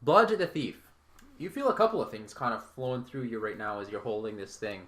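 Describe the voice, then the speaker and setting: A man's voice: mid-range voice, lively intonation, brisk, fairly bright tone. A man acting as game master, narrating a tabletop game in a casual, offhand way.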